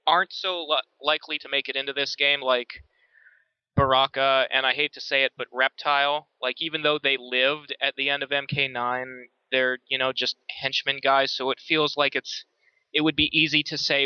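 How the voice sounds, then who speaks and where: Male podcast co-host, American, mid-pitched, casual and searching; dry, muffled mic. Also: little pitch movement, normal speed, clear, resonant tone, no echo. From United States. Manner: thoughtful, restarts sentences, many "like"s. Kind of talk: casual chat.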